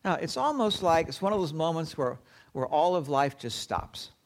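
A man preaching a sermon, retelling a story with dramatic pauses and acting out the quoted lines. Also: on the high side, lively intonation.

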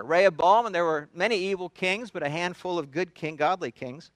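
A man's voice: high voice, fairly bright tone, no room sound. A man preaching a sermon, retelling scripture in a conversational storytelling way with frequent restarts. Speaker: pastor.

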